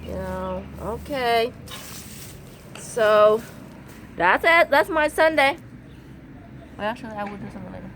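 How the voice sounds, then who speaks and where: A woman's voice: a little high, animated, a little slow, long pauses, fairly bright tone, slight background noise. A woman vlogging outdoors in her yard on a handheld phone, chatting in simple broken English and apologizing again and again. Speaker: vlogger and mother. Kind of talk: casual vlog chat.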